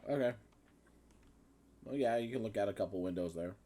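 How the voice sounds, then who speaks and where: A man's voice: fairly low pitch, fairly quick, dark tone, slight background noise. A man running a tabletop game as game master, talking casually with frequent fillers.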